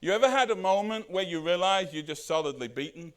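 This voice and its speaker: Male pastor, high register, casual sermon delivery, lots of rhetorical questions. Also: animated, fast talker, a bit bright. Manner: conversational, rhetorical questions, acts out quoted lines.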